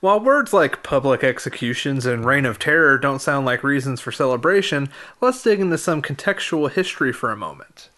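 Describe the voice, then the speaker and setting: Laid-back guy hosting a history podcast, mid pitch, chuckles a lot. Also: a little fast, few pauses. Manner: relaxed, chuckling, reads history segments in an even, informative way. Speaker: podcast co-host. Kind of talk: casual history podcast chat.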